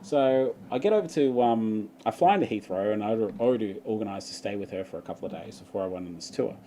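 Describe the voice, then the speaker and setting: A man's voice: on the low side, lively intonation, fast, dark tone, a little hiss or hum. A young Australian man chatting casually on a livestream, telling a rambling story and laughing often. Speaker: vlogger.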